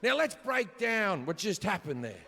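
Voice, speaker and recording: A man doing stand-up storytelling, swearing freely and shouting his punchlines, recorded live on a theater stage. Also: high voice, measured pace, creaky. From Australia. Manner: profane, animated, shouts punchlines. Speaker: stand-up comedian. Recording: live hall reverb, audience ambience.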